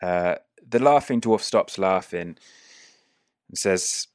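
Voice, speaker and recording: A man narrating a tabletop game as game master in a relaxed, halting way. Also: deep voice, no echo, studio quality.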